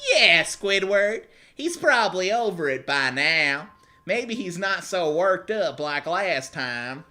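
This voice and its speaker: Man putting on a shrill cartoon squirrel girl, Sandy. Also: sing-song, slow pace, full character voice. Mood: reassuring. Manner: shrill, loud, failed Southern accent. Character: high-pitched excited squirrel girl from a cartoon.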